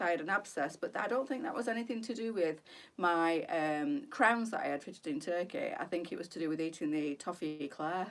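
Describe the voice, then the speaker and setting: A chatty British woman hosting a relaxed live stream, rambling from one tangent to the next. She sits a little back from the mic, so her voice sounds slightly distant. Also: medium pitch. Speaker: boutique live-stream host. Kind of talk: casual live-stream chat.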